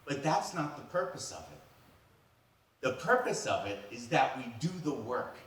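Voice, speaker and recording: A man from New York performing a comic storytelling monologue in an animated, playful way, acting out the people in his stories. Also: mid-range voice, unhurried, a little hiss or hum. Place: event hall. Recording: echoey hall, distant mic.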